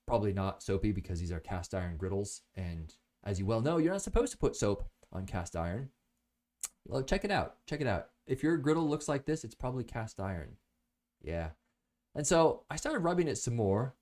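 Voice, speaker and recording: A man's voice: medium pitch, very animated, brisk, darkish tone. A man casually reviewing products in a chatty, joking way.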